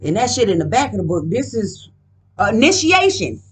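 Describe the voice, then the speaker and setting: A woman's voice: on the high side, sing-song, normal speed, slightly rough. A woman doing a casual card reading at home, talking in a profane, emphatic, rambling way. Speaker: card reader.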